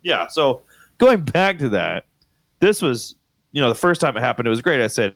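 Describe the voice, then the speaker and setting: A man in his thirties, a father and co-host, telling a family story in casual chat with lively delivery. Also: moderate pace, no room sound. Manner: animated, acts out his daughter's voice in high squeals.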